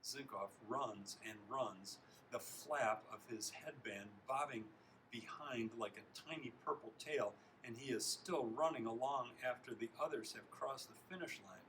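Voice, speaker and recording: A man reading a children's novel aloud, expressive, stopping now and then to comment on the text and correct himself. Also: mid-range voice, measured pace, a little hiss or hum, low-quality recording. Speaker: reader.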